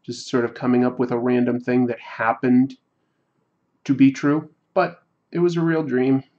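A man's voice: medium pitch, level tone, moderate pace, darkish tone. A man with an ordinary mid-range voice talks through a story on his livestream, reflective and a little rambling as he goes. The stream audio sounds somewhat dull and lo-fi. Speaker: livestream host. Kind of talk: casual storytelling while drawing on a livestream.

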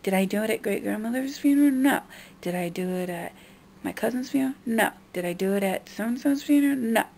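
A woman's voice: expressive, brisk, gravelly, a little mellow, a little hiss or hum. A young woman vlogger venting in a frustrated monologue about her family. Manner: frustrated, mimicking others in a high nagging voice.

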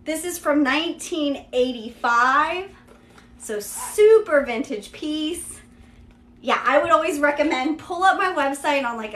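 A woman's voice: high voice, a bit bright, echoey room. A woman from Kentucky with a Southern drawl, hosting a live-stream sales showcase in a chatty, upbeat way. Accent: Central Kentucky Southern drawl. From Kentucky, USA. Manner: chatty and upbeat, filler-heavy ("yeah", "there you go"). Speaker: host selling vintage luxury bags.

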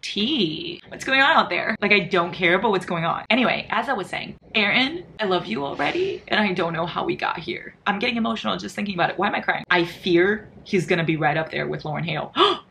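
Woman in her twenties, casual reading vlog, dramatic and giddy, crisp bright tone, faint background hum. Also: lowish voice, lively intonation, fairly quick, few pauses. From United States. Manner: giddy, dramatic reactions with frequent laughter. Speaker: book vlogger.

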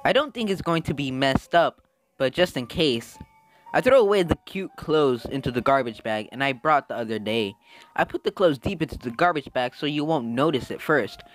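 A young man playing through a story game, reading its text aloud and reacting with excitable, animated outbursts. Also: mid-range voice, moderate pace, soft background music. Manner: excitable, animated, swings between mumbling and loud outbursts. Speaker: let's-play gamer.

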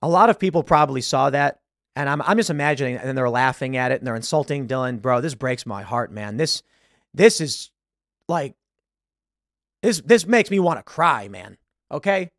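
A man's voice: mid-range voice, expressive, normal speed, fairly bright tone, dry recording, clean studio sound. A male show host giving emphatic, agitated political commentary.

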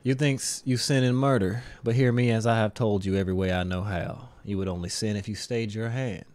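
A man reading aloud as a fanatical male preacher in a put-on South Carolina twang, with a slow preaching cadence. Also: fairly low pitch, fairly even intonation, darkish tone, dry recording, lightly acted. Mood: zealous. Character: fanatical male preacher writing a letter, menacing.

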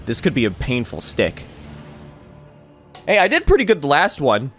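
A young man giving excitable game commentary, laughing and talking back at the game as he plays. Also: mid-range voice, normal speed, soft background music. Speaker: gaming YouTuber.

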